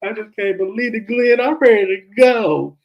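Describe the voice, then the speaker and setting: A man's voice: normal speed, muffled recording. A man putting on a weepy, whiny woman. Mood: tearful. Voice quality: high whiny crying voice. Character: weepy pleading woman from a reality show.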